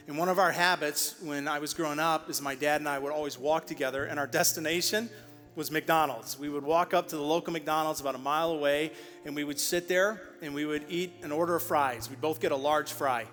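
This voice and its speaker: A man's voice: on the high side, fast, a bit bright, soft background music. A man pastor telling a childhood story to close his sermon, putting on playful voices for quotes. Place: church auditorium. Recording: large church hall with reverb.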